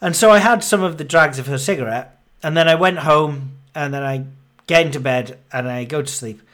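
This thirtysomething podcast host talks at an ordinary pace in a fairly high, fairly bright voice. Breathless, he grumbles and wanders through a casual monologue, poking fun at himself along the way.

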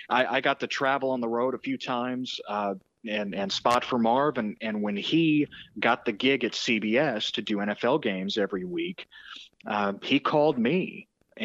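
A male sports broadcaster telling anecdotes in a podcast interview, lively and full of restarts. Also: medium pitch, dry recording, highs cut off. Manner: animated anecdotes with frequent restarts and quoted voices.

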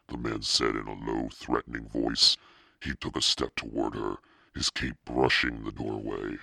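A man giving a measured, dramatic audiobook narration. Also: a bass voice, level tone, vocal fry, bright, forceful tone, no room sound, studio quality.

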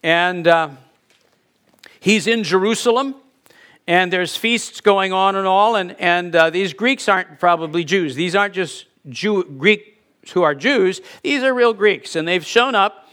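High-voiced man preaching conversationally. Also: fairly bright tone, smooth. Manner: conversational preaching, rhetorical questions, emphatic pauses. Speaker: pastor. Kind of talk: sermon.

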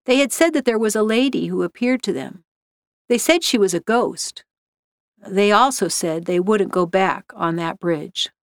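A woman narrating a story in a steady, measured reading voice. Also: mid-range voice, no echo, clean studio sound.

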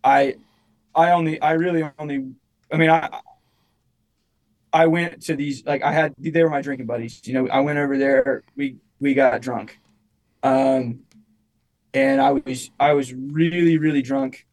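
A young man on a talk show recounts a personal story in loose, casual chat. He rambles, restarts his sentences and leans on fillers, in a middle-pitched voice. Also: fairly even intonation, measured pace, pauses often, a little mellow, rough recording. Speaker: musician guest.

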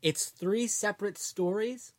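A man's voice: sits high, unhurried. Chatty male podcast co-host. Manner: chatty, trails off, many fillers like "like". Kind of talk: casual chat.

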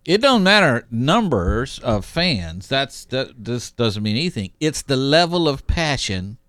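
A man co-hosting a podcast in loose, rambling chat, now and then acting out quotes in put-on voices. His voice is smooth and resonant, and his pitch moves a lot. The sound is close and dry. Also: very animated, measured pace, a bit bright, no room sound. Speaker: podcast co-host. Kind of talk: casual chat.

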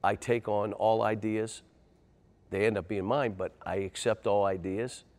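An older man, a basketball coach, telling animated stories in an interview and getting loud and excitable. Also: on the low side, a little slow. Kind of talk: interview storytelling.

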